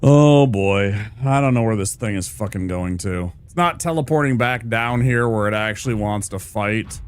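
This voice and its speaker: A man's voice: fairly low pitch, moderate pace, smooth. A male streamer giving casual gameplay commentary, rambling, laid-back and sweary.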